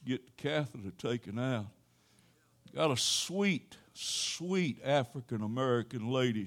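An older man preaching a sermon, telling a personal story in a folksy way with sudden loud exclamations. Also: mid-range voice. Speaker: pastor.

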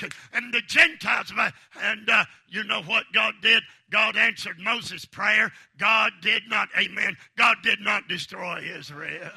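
Preaching a revival sermon, a man with a high, husky voice and vocal fry shouts fervently at a measured pace. He swings between loud bursts and hushed lines, calling for amens from the congregation.

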